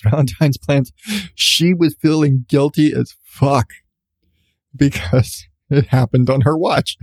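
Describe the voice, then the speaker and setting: A man in his thirties, a podcast host, telling a story in a casual, profane, animated way. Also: mid-range voice, gravelly, no echo.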